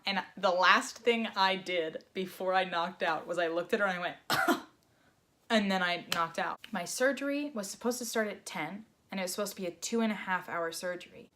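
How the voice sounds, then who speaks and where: A young woman telling a personal story in a vlog, animated and acting out the voices she quotes. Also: medium pitch. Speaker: vlogger.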